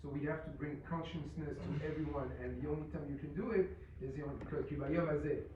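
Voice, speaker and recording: A man's voice: a little high, fairly even intonation, quick pace. Male student, earnest, heard off-mic in a roomy hall with noise. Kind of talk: class discussion. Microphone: far from the mic. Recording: muffled distant voice in roomy space with noise.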